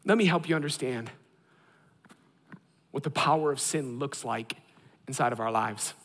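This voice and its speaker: Pastor guy in his 30s, bright tense voice, funny self-deprecating stories. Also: mid-range voice, moderate pace, long reverb tail. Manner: animated, self-deprecating storyteller. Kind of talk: sermon with humorous storytelling.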